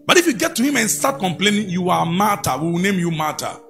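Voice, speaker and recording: Male preacher, high lively voice with gravel, big swings from shouts to murmurs, church sermon. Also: fast, faint music behind. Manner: animated, shifts from loud exclamations to low murmurs.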